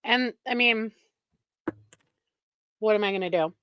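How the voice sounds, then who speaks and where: A woman's voice: mid-range voice, a little slow, smooth, dry recording, lo-fi sound. A woman hosting a live stream, chatting casually and with exasperation, laughing often, close to the microphone. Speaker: livestream reaction host.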